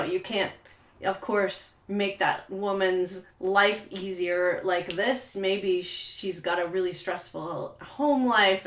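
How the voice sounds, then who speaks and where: A woman's voice: mid-range voice, a bit bright. A woman trauma therapist talking through a coaching video in a loose, conversational way, full of "you know" fillers. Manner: conversational, many "you know" fillers, acts out quoted voices. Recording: roomy echo.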